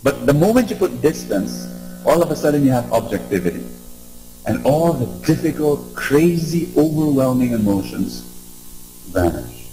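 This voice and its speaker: A man giving an animated inspirational talk to a live audience, prompting the crowd to respond. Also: on the high side, moderate pace, soft background music, poor audio. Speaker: preacher.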